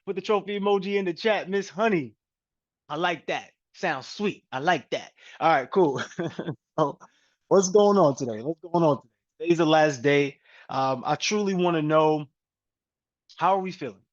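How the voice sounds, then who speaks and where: A man's voice: on the high side, moderate pace. A man hosting a live video call as a coach, energetically calling out participants and repeating his prompts. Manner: energetic, repetitive shout-outs. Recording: dull, lo-fi call audio.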